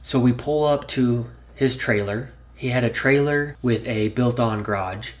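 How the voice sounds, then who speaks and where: A man's voice: medium pitch, unhurried. A man telling a personal story in a storytime vlog, earnest and candid, plain spoken and swearing freely. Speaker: YouTuber.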